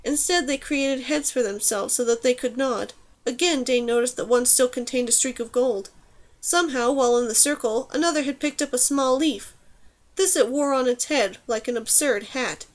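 A woman's voice: sits high, normal speed. Woman reading a fantasy audiobook. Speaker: audiobook narrator. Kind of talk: scripted narration.

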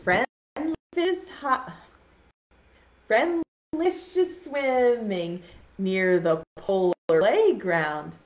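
A woman's voice: medium pitch, lively intonation, drawn-out words, highs cut off. A young woman teaching a virtual preschool class, playful and encouraging, praising children's guesses in a sing-song way.

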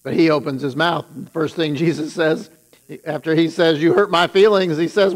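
A man preaching from the pulpit, his voice sitting a little high. He retells scripture in his own words and leans hard into each warning. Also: steady tone, moderate pace, low-quality recording. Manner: paraphrases scripture with rising emphasis on the woes. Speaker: pastor. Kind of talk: sermon.

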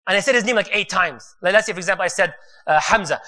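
Bright, animated male preacher. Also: high voice, fast. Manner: animated, jokes and laughs with audience. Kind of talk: sermon storytelling.

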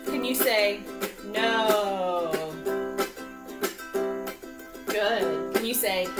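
A woman's voice: medium pitch, very slow. A woman teaching music to small children, talking to them in a bubbly, coaxing way during a live sing-along stream from home. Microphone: live video stream. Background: ukulele.

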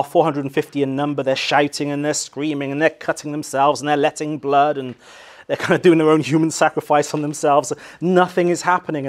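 This English-accented male pastor preaches a sermon that moves from loud, theatrical cries to quiet, low-voiced emphasis.

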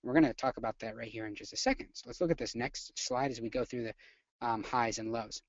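A nursing instructor teaching a live webinar lecture, energetic and chatty, often quizzing the audience. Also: mid-range voice, quick pace, no echo, lo-fi sound.

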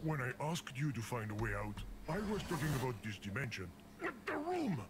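A man's voice: medium pitch, huge pitch swings, brisk, over a noisy crowd. An actor voicing the game itself as a fussy male narrator who keeps scolding the player, with theatrical outbursts. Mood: flustered. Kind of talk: video game voice acting.

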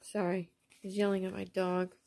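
A woman chatting casually at home as she shows off craft mail and bargain finds, gushing softly and sometimes dropping to a near whisper. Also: medium pitch, completely flat delivery, normal speed, vocal fry, slight background noise. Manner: soft, gushing, often drops to a near whisper. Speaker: craft vlogger showing received mail and shopping finds. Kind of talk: casual show-and-tell chat.

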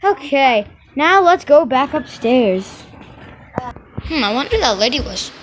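A woman voicing characters in an improvised toy skit, switching between voices quickly. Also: high-pitched, very animated, a little hiss or hum.

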